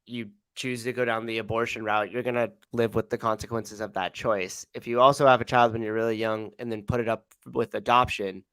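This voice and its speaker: A man's voice: on the low side, flat delivery, fairly quick, few pauses, a bit bright, clear, resonant tone, dry recording. A man co-hosting a podcast who talks in a reflective way, full of "like", and swears casually. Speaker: podcast co-host.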